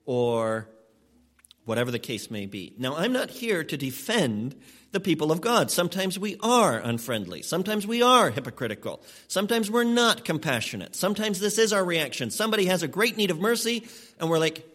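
Male pastor, slightly high-pitched, preaching an emphatic sermon. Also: sing-song, a bit bright. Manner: emphatic preaching, speeds up and slows down for stress.

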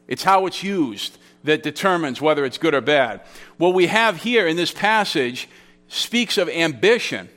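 Male pastor, slightly higher voice, conversational teaching sermon, repeats key phrases. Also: expressive, measured pace, a bit bright. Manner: teaching, explaining Greek grammar with repeated phrases; conversational storytelling with restarts. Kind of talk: expository sermon.

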